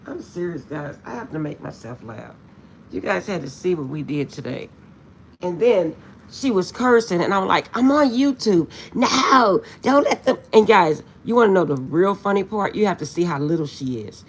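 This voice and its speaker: A woman's voice: on the low side, animated, moderate pace, slight background noise. A woman vlogger chatting casually to her viewers, telling a funny story with lots of laughter and insisting she is serious.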